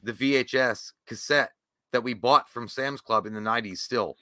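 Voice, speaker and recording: A man in his thirties co-hosting a movie podcast, telling animated, profane stories in casual chat. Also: medium pitch, normal speed, no echo. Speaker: podcast co-host.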